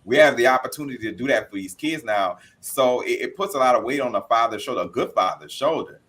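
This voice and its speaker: A man's voice: medium pitch, animated, fast talker, fairly bright tone, breathy edge. A man on a discussion panel, speaking emphatically and earnestly. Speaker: panel guest.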